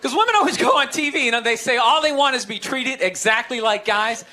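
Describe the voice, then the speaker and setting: A man with a Boston accent doing a stand-up comedy set, ranting sarcastically and shouting his punchlines. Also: very high-pitched, lively intonation, brisk, a little hiss or hum. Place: comedy club stage before a live audience. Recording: live show with loud crowd laughter.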